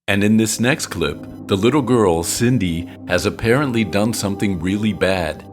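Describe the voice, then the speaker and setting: American male teacher, low voice, clear and patient, faint music underneath. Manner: slow, clear explanations with joking asides. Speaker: English teacher. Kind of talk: explanatory lesson narration.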